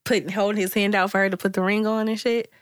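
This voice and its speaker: A woman's voice: medium pitch, quick pace, no room sound, studio quality. A young woman co-hosting a podcast, chatting casually, laughing often and acting out little voices as she tells stories. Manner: laughs often, animated storytelling, mimics voices. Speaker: podcast co-host. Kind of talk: casual chat.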